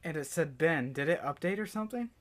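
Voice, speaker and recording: A teenage boy co-hosting a casual comedy podcast, playful and quick to laugh. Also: fairly high pitch, animated. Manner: giggly, playful. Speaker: podcast co-host. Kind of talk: casual chat.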